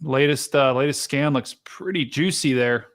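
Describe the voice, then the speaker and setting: A man hosting a live storm-tracking stream, chatting casually to his viewers and explaining radar, excitable and talkative. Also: mid-range voice, normal speed. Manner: excitable, chatty, talks to chat directly. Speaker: livestream weather host.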